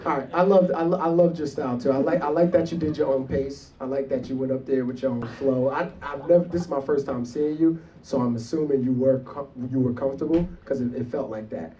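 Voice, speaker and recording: A man's voice: mid-range voice, brisk, hardly any pauses, dark tone, lo-fi sound. A man judging a comedy competition in a club, giving rambling, blunt feedback with many restarts. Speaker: competition judge. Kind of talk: casual spoken feedback. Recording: distant mic, faint room noise.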